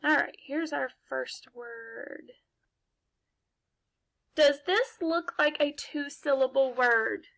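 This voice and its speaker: A woman teaches young children phonics over a laptop mic. Her voice sits high and bright, and she moves slowly and patiently. She poses questions and answers them herself in an encouraging way. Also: expressive, gravelly.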